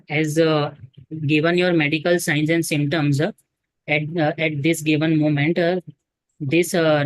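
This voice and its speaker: A man's voice: a little high, no room sound, poor audio. A man playing a doctor in a practice exam, speaking formally and hesitantly with many fillers. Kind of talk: medical role-play.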